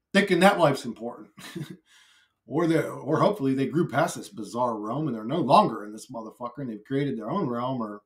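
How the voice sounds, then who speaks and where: A man vlogging alone in a brash, rambling monologue, swearing freely and laughing often. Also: medium pitch. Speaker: YouTuber. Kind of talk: rambling solo vlog monologue.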